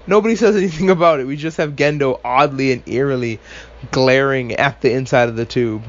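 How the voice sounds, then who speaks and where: A man's voice: a little high, brisk, lo-fi sound. A man hosting a casual podcast recap, talking with animation, swearing freely and tossing in sarcastic asides. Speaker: podcast host.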